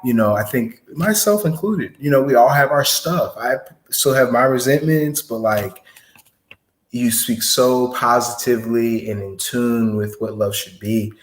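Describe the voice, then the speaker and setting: A man's voice: medium pitch, measured pace. A man hosting a podcast interview, earnest and a bit rambling, with many fillers as he asks questions. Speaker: podcast host. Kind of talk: casual interview. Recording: roomy echo.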